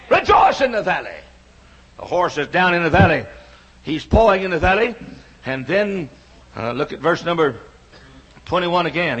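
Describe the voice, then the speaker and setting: A man in his sixties preaches with a high, husky voice, driving his points home through rhythmic repetition that swells into shouts. The recording is dull and lo-fi. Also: sing-song, normal speed, long pauses. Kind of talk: sermon. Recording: dull lo-fi sound.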